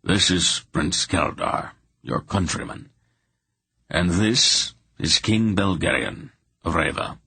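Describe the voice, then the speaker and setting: A man doing a steady old sorcerer. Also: deep voice, vocal fry, breathy edge, dry recording, heavily acted. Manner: polite, steady, unhurried. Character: ancient sorcerer, old man, patient and dry.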